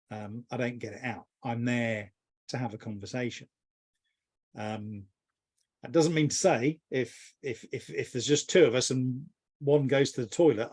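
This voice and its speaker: A man's voice: mid-range voice, darkish tone, breathy edge. Middle-aged man, interview guest, rambling, reflective, stumbling restarts. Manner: rambling, thoughtful, many restarts. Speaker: interview guest, business mentor. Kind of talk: reflective conversational answer.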